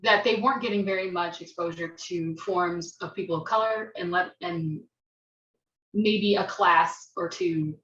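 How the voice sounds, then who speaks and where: A woman's voice: fairly low pitch, a little slow, fairly bright tone. An American woman, a dance teacher, thoughtfully recounting her experience on a video-call forum, often restarting her sentences. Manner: thoughtful, restarts, laughs self-consciously. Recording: roomy, distant, dull video-call audio.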